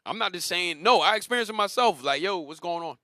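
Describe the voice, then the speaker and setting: Male teacher leading a scripture lesson, emphatic and repetitive, fairly high voice, dry sound. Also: lively intonation, fast talker, sharp tone, no room sound. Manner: emphatic, repetitive, directs the reader. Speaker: Bible class teacher. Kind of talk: religious lesson.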